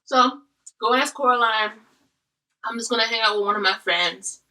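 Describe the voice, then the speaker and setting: A woman's voice: a little high, moderate pace, bright, forceful tone, distant mic, rough recording. A woman hosting a casual eating video, animatedly telling a story. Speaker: host.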